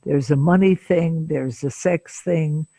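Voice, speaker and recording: A woman in her seventies, a psychotherapist, telling a case story slowly and deliberately in an interview, with frequent pauses. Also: deep voice, mellow, no echo. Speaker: psychotherapist guest.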